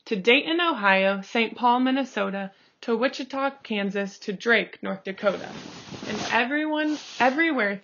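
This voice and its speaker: A woman reading a picture book aloud, slow and expressive, calling out the page turns. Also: mid-range voice. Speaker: storybook reader. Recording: dull lo-fi recording.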